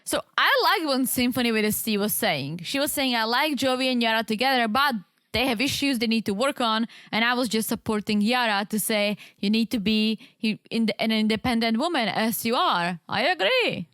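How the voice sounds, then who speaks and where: A woman with a fairly high voice chats casually on a recap podcast, often jumping in to agree. Her speech is easygoing and conversational. The recording is dry and close. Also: fairly bright tone, dry recording. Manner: chatty, quick agreeing interjections. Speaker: podcast co-host.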